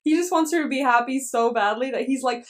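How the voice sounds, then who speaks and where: A woman with a high voice chats on a casual podcast, gushing over the characters and laughing often. She sounds slightly distant from the microphone, and her delivery stays light and excited. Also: fast. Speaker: podcast co-host. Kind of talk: casual recap chat.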